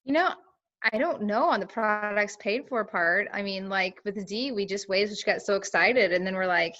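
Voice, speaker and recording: A woman on a team call chats casually about her experience, using lots of fillers and acting out what other people said. Her mid-range voice is brisk and sharp, and the audio is dull.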